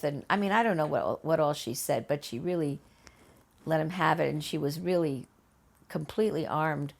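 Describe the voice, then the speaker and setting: An older woman tells a story from her past in an oral history interview. Her voice sits a bit low and has a gravelly edge. She talks in a lively way, with many restarts, and acts out the voices of people she quotes. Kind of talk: conversational storytelling. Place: her home.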